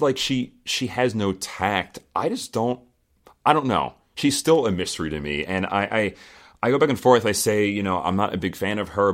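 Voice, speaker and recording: A man with a very deep voice hosts a casual podcast. He talks in a loose, chatty way, laughing often and dropping the odd swear word. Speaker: podcast host recapping a reality show. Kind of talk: casual chat.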